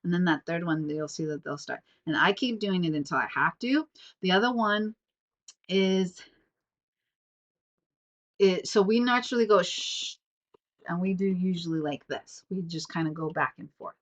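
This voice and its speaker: Speaking at a moderate pace in a voice on the low side, a stuffy-nosed young woman runs her own podcast at home. It's a chatty, rambling solo show full of fillers, captured with dull lo-fi sound.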